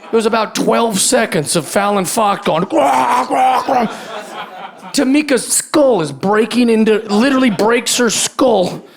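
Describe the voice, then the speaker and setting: This thirtysomething comic delivers a loose, rambling stand-up set with acted-out voices, recorded live on a club stage via handheld mic while the audience laughs. His high voice is expressive, at normal speed with hardly any pauses.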